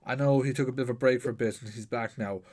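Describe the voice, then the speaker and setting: A man hosting a casual podcast interview, telling animated stories and swearing freely. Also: mid-range voice, quick pace. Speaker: podcast host.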